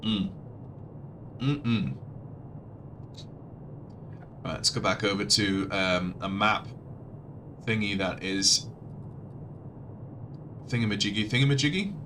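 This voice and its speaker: A man's voice: sits low, fairly even intonation, very slow, long pauses, noisy background. A man casually commentating his flight-sim livestream, chatty and rambling, often restarting his sentences. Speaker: livestreamer and audiobook narrator.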